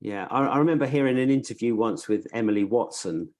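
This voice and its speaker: A man's voice: mid-range voice, fast, a little mellow. A man hosting a podcast, asking thoughtful questions with a hesitant, searching delivery. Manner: thoughtful, hesitant, many restarts. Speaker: podcast host. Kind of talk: casual podcast interview.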